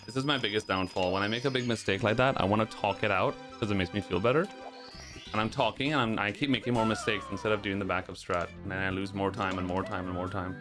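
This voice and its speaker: A man's voice: lowish voice, fairly even intonation, fast talker. A man streaming a speedrun, talking himself through his mistakes and swearing at the game. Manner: swearing, frustrated self-talk. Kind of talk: live gameplay commentary. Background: music.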